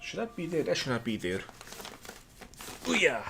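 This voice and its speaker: A man's voice: on the high side, sing-song, moderate pace, vocal fry, music in the background. A man hosting a casual live stream at home, muttering to himself as he works and tossing off dry, sarcastic asides. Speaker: livestream host.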